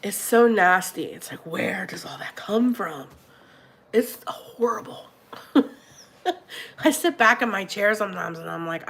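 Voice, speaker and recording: A woman's voice: mid-range voice, slow pace, vocal fry, pauses often, husky. Congested woman chatting with her livestream viewers. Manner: chatty, apologetic, animated greetings to viewers. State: congested, blowing her nose. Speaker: livestream host reading viewer chat. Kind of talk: casual livestream chat.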